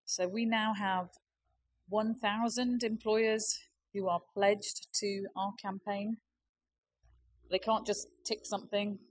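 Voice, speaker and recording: A woman's voice: medium pitch, fairly even intonation, slow pace, slight background noise, rough recording. A woman giving a persuasive conference presentation, explaining a campaign with figures. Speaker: conference speaker.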